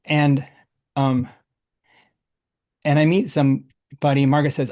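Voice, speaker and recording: A man hosting a workshop, telling a casual, animated story full of restarts and laughs. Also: on the high side, a little slow. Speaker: workshop host.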